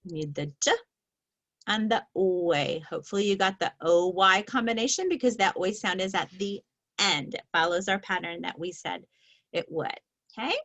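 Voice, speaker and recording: A woman teaching a reading lesson, slowly stretching out the sounds of each word in a patient, clear way. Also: mid-range voice, fairly bright tone. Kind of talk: slow, patient phonics lesson.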